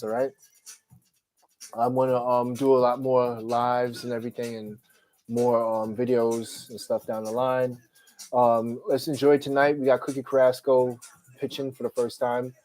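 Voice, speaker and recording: A man's voice: medium pitch, a little mellow, poor audio. Tired man rambling on a live stream. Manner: rambling, full of "um" fillers. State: tired, yawning. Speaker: podcast host. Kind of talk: casual live-stream chat.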